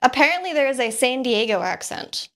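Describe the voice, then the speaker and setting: Chatty woman, a little high-pitched. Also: big pitch swings, a little fast, a bit bright. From California. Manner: chatty, laughs often. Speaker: co-host. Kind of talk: casual chat on a live stream.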